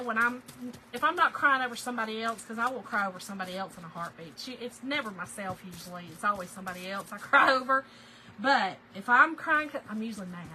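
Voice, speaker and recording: A woman's voice: mid-range voice, noisy background. A middle-aged woman, chatting casually and laughing with live viewers while she crafts. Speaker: craft livestream host.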